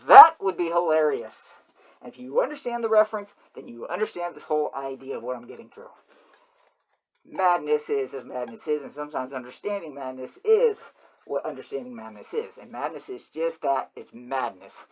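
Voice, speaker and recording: A man hosting his channel, talking in a rambling, repetitive monologue and breaking into loud, high yelps when he mimics people. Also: expressive, moderate pace. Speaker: channel host.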